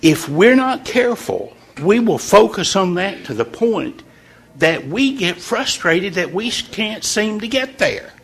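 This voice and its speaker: A man leading an informal morning devotional in a folksy, conversational way, pausing on purpose for emphasis. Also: high voice, sing-song, vocal fry, fairly bright tone, slightly rough. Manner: folksy and conversational, with deliberate pauses. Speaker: devotional leader.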